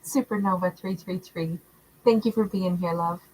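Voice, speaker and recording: A woman's voice: on the low side, fairly even intonation, moderate pace, low-quality recording. Affectionate woman greeting livestream viewers. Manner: warm, affectionate, calls viewers love and honey; laughs often. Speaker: tarot livestream host. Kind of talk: casual livestream chat reading out viewer comments.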